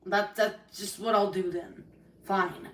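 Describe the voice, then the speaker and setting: A woman's voice: mid-range voice, steady tone, slow, fairly bright tone, recorded from a distance. Woman, livestream rant: hurt, angry, swearing, in an echoey room away from the mic.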